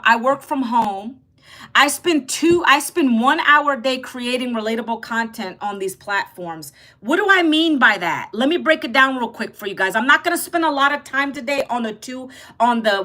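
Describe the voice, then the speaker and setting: A woman, talking on a live stream in a loose, chatty way. Her voice is bright and a little forceful, pitched somewhat high for a woman. She keeps turning to her viewers and reading out their comments. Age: 50s. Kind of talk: casual live-stream chat.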